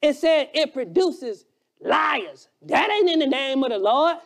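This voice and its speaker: A preacher delivering an emphatic sermon, shouting key lines and repeating phrases for effect, with quieter, quicker asides in between. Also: high voice, sing-song, gravelly. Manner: drops to a quiet, fast aside at times.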